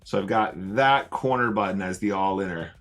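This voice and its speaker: A man's voice: sits low, moderate pace, fairly bright tone, faint music behind. A man casually commentating his online poker play on a live stream, chatting with viewers as he goes. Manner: chatty, greets viewers while playing.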